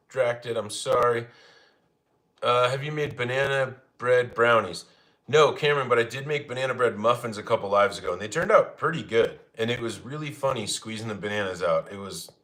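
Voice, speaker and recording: Cooking at home, a young Arizona streamer chats with his viewers and reads their comments in a casual, jokey way. He laughs a lot, and his mid-range voice sounds pushed and bright.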